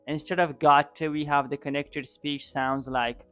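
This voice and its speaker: Slow, smooth-voiced man teaching pronunciation. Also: a little high, little pitch movement, fairly bright tone, dry recording, faint music behind. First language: Pashto. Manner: drills words by slow repetition. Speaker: English teacher. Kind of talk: pronunciation lesson.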